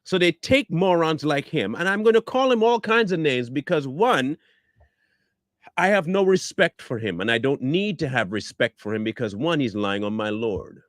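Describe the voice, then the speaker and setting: A man's voice: fairly high pitch, lively intonation, moderate pace, no echo, clean studio sound. A man giving combative reaction commentary, blunt and scornful, firing rhetorical questions and repeating himself for emphasis. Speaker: online commentator.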